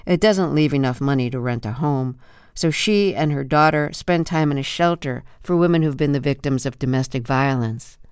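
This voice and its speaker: A woman radio interviewer narrating a measured, clear introduction before a conversation with her guest. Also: extremely low pitch, a little mellow, dry recording, studio quality.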